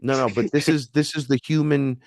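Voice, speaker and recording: A man's voice: mid-range voice, fairly even intonation, fairly quick, creaky, a little mellow. A man, a podcast guest telling stories in casual chat and acting out the voices he quotes. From New York City. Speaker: podcast guest, neo-shaman.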